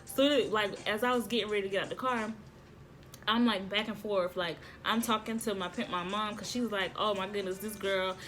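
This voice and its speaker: A woman vlogging casually, telling a story to viewers in an excitable way, repeating phrases and laughing often. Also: medium pitch, brisk, slight background noise.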